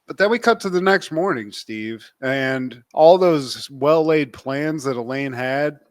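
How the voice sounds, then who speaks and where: A man's voice: mid-range voice, animated, measured pace, no echo, studio quality. A young man co-hosting a podcast, recapping a sitcom episode in loose, profane storytelling with frequent laughs. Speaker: podcast co-host.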